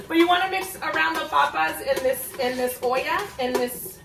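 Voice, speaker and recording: A woman's voice: sits high, measured pace, gravelly, reverberant, recorded from a distance, background noise. A young woman vlogging in her home kitchen, chatting casually and swearing freely as she tells a story while cooking. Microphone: camera away from the cook.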